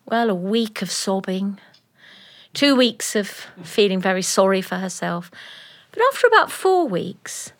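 A woman telling a folk tale live in a studio, animated and playful, with laughing asides. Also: mid-range voice, a little slow. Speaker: storyteller. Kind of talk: live oral storytelling. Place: recording studio.

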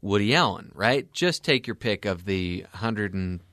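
A man co-hosting a casual movie talk show, playful and animated when telling stories. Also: lowish voice, unhurried, no room sound. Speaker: co-host. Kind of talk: casual chat.

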